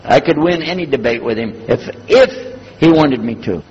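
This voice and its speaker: Husky older man, echoing hall. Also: medium pitch, moderate pace. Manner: animated, acts out dialogue in the story. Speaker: former preacher telling his story. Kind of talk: storytelling talk. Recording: lo-fi recording in a reverberant hall.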